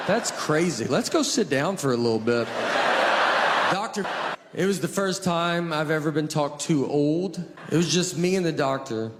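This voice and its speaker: A man in his forties doing stand-up comedy in a slow, deadpan storytelling way. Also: fairly high pitch. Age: 40s. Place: live stage with audience laughing. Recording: live show with crowd laughter and noise.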